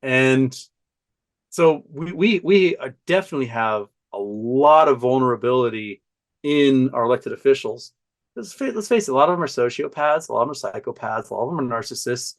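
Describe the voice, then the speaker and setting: A man talking as a podcast guest, telling a story in an animated, profane way and laughing often. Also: medium pitch, fairly quick. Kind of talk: casual storytelling chat.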